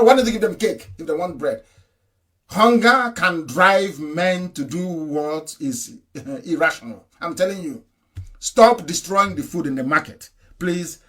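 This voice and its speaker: A man's voice: fairly high pitch, a bit bright. A man delivering an impassioned political broadcast, emphatic and full of rhetorical questions and repetition. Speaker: activist broadcaster.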